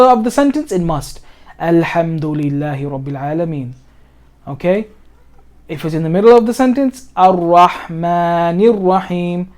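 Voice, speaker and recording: A man talking a student through Quran recitation on a call, in an easy, patient way. He restarts often, fills pauses with "um," and slows right down whenever he recites a phrase. Plain computer mic sound. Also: high voice, darkish tone. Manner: patient, repeats words, many fillers and restarts, slows to recite. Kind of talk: informal one-on-one lesson over screen share.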